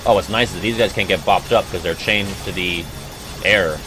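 A young man giving profane, jokey, excitable commentary as he plays a video game. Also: sits low, normal speed, music in the background. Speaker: gamer and video host. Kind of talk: let's-play game commentary.

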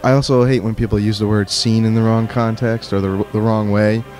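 A man's voice: lowish voice, little pitch movement, fairly quick, darkish tone, faint music behind. A man co-hosting a radio show, dry and teasing in casual banter. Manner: dry, teasing, laughs often. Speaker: radio co-host.

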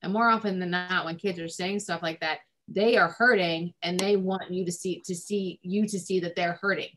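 A woman's voice: fairly low pitch, steady tone, moderate pace, fairly bright tone, a little hiss or hum. A woman family therapist giving advice in a recorded discussion, conversational with frequent ums and likes.

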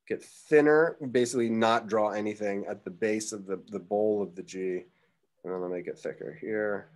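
Man, art teacher, fairly low voice, casual and chatty, talks through his sketching. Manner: casual, chatty, thinks aloud while sketching. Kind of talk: live drawing class instruction.

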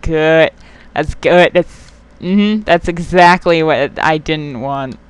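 In casual let's play commentary, a young adult gamer swears a lot, gets heated, and argues with the game. The voice sits at medium pitch and is clear and resonant, with an unhurried delivery.

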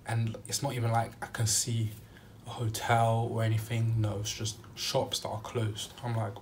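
A young man vlogging a travel story, animated and acting out what he said at the time. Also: fairly low pitch, measured pace, a little hiss or hum. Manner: animated storytelling, acting out his own quotes. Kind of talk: storytime vlog.

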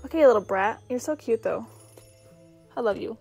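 A woman's voice: on the high side, expressive, moderate pace, pauses often, a little mellow, husky. A young woman playing a game and commenting as she goes, reading its text aloud and mocking herself in exasperated mutters. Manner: self-deprecating, exasperated muttering. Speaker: gamer. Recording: faint game music behind.

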